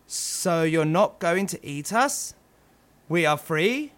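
A man's voice: fairly high pitch, expressive, slow, fairly bright tone. A man voicing small timid pigs in a storybook tale. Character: timid hopeful little pigs. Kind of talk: storybook character voice.

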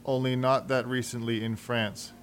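A man's voice: medium pitch, little pitch movement, normal speed, slight background noise, lightly acted. A man voicing an eager young manservant who talks in an earnest, chatty way.

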